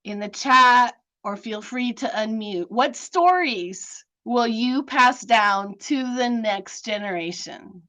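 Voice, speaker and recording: A woman's voice: a little high, animated, takes it slowly, hardly any pauses, pushed and bright. A grandmother presenting to an online group over a video call, laughing often and mixing Spanish sayings into her talk. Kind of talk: online talk with a poem reading.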